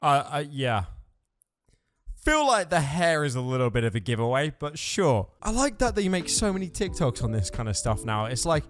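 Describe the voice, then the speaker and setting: A man's voice: fairly high pitch, sing-song, normal speed, soft background music. A man hosting a reaction commentary, sarcastic and mocking in tone. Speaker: commentary host.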